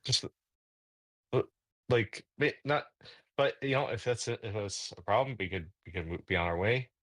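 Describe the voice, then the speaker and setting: A man's voice: fairly low pitch, lively intonation, moderate pace, dry recording. A man playing a tabletop role-playing game in character, rambling with lots of stammers and restarts. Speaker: player.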